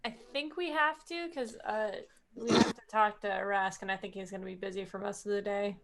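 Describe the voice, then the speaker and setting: Woman, bright voice, playful, casual game chat. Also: mid-range voice, fairly quick, vocal fry. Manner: playful, laughing easily. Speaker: player.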